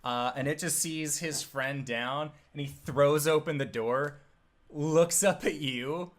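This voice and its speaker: A man narrating as game master of a tabletop role-playing game. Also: on the high side. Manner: animated, quick narration with playful put-on voices.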